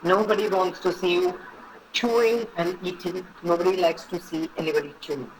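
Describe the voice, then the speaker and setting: A woman's voice: on the low side, steady tone, fairly quick, poor audio. Woman teacher, firm and repetitive, keeps checking "okay?", faint noise behind. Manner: instructive, repeats points and checks with "okay?". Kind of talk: online etiquette class.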